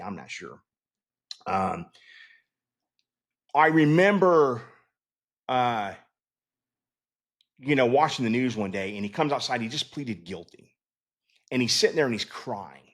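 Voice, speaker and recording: A middle-aged man, a Navy veteran who hosts his own show, tells a story casually and ramblingly, full of fillers, restarts and swearing. His voice is mid-range with a fairly bright tone.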